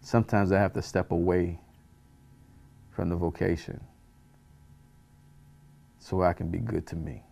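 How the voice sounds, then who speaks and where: A man's voice: deep voice, level tone, a little slow, vocal fry, long pauses, darkish tone. A man, a pastor, teaching a Bible study in an earnest way, repeating phrases for emphasis and chuckling at himself.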